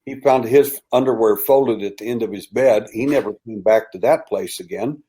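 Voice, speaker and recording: An older man, a guest on a podcast interview, telling a long story in a halting, hushed and dramatic way. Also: lowish voice, slightly rough, low-quality recording. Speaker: interview guest, abduction researcher.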